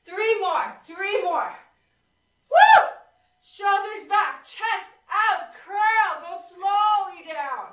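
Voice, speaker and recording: A woman's voice: extremely high pitch, takes it slowly, few pauses, noisy background. A woman fitness instructor leading a workout class, counting reps, giving cues and whooping to encourage. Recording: roomy, distant and dull.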